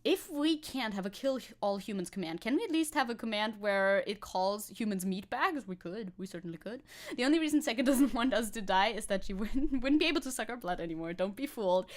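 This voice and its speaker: A woman's voice: mid-range voice, expressive, fairly quick. A woman streamer chatting casually with her viewers, rambling and laughing often as she types. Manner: rambling, giggly, talks to chat while typing. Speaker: VTuber streamer. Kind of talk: casual live-stream chat.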